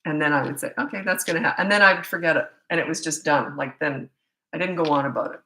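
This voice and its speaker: A woman's voice: low voice, quick pace, sharp tone, low-quality recording. A middle-aged woman parenting coach chatting and telling stories in a live webcam Q&A, laughing often. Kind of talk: live Q&A chat from home on webcam. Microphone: laptop webcam.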